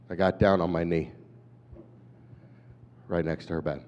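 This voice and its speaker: A man in his fifties, an animated storyteller who acts out voices, giving a talk at a conference. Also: low voice, normal speed, pauses often. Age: 50s. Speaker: conference speaker. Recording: dull hall recording with long reverb.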